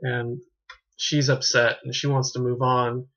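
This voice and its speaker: A man's voice: medium pitch, little pitch movement, measured pace, fairly bright tone. A man casually reviewing a film, rambling and correcting himself as he stumbles over words. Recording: dull lo-fi home recording.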